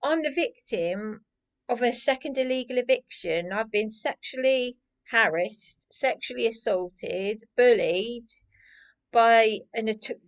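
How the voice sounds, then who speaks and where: A woman's voice: on the high side, takes it slowly. An agitated woman, vlogging in a rambling personal monologue that keeps circling back and restarting. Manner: agitated, repetitive, restarts often.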